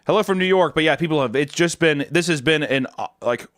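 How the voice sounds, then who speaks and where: A young man streamer answering chat questions in casual, crude, jokey talk, jumping from loud bursts to low mumbles. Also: fast talker, dry recording, clean studio sound.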